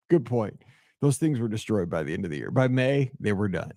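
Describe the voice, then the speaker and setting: A man's voice: on the low side, expressive, fairly quick, a little mellow, no room sound, clean studio sound. A man in his forties hosting a solo podcast, chatty and sentimental, rambling through feedback and memories. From Midwest of the US. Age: 40s. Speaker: podcast host.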